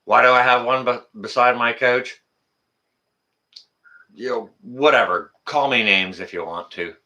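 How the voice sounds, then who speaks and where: A man's voice: mid-range voice, measured pace, pushed and bright. A man hosting a casual live stream, rambling, teasing his guest and reading out viewer comments.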